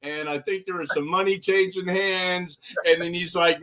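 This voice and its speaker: Joking, higher-voiced male co-host. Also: fairly even intonation, normal speed, sharp tone. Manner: joking, laughs often. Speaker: podcast co-host. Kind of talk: casual chat.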